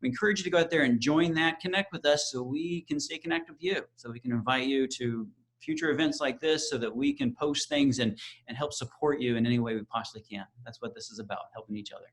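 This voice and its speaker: A man moderating a webinar over a video call, wrapping up with informal, halting remarks full of fillers and restarts. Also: mid-range voice, animated, poor audio. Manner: informal, hesitant with fillers and repeated words. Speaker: event moderator.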